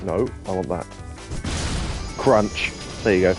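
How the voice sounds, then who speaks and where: A man's voice: low voice, slow pace, over music. A man hosting a let's play, chatting casually and laughing often with his co-host. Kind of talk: casual gameplay commentary.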